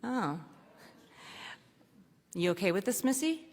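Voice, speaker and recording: A woman quoting a practical, protective young woman friend, calm and matter-of-fact, in a reverberant hall. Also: mid-range voice, slow pace, full character voice.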